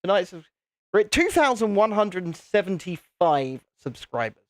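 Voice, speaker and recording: A man's voice: sits high, big pitch swings, moderate pace, dry recording. Chatty British man hosting a live stream. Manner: chatty, self-deprecating, easily flustered. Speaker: channel host. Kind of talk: casual live-stream chat.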